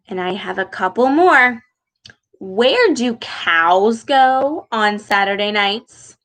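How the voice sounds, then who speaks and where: Slow, animated woman teaching children. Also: mid-range voice, poor audio. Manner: animated, exaggerated sounds, frequent gasps, slow deliberate words. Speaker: speech therapist reading with children. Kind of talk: children's speech lesson over video.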